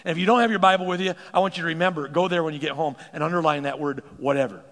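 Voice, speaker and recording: A man preaching a sermon as pastor, animated and quick to repeat words as he starts a thought. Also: a little high. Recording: long hall reverb.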